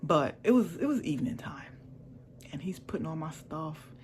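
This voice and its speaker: A woman's voice: deep voice, expressive, normal speed, a little mellow, slight background noise. A woman vlogger candidly telling a personal story in a chatty, repetitive way. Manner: candid, chatty, repeats herself.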